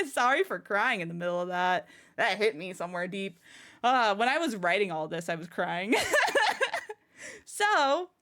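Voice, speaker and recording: A woman's voice: medium pitch, lively intonation, normal speed, fairly bright tone. A woman streamer chatting casually to her viewers, bubbly and rambling, often breaking into giggles. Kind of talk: casual live-stream chat.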